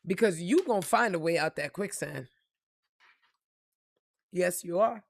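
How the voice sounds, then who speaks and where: A woman's voice: lowish voice, lively intonation, measured pace, gravelly, slightly rough, dry recording. A woman giving a blunt, emphatic motivational monologue and swearing freely, calling the listener "baby". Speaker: spiritual reader.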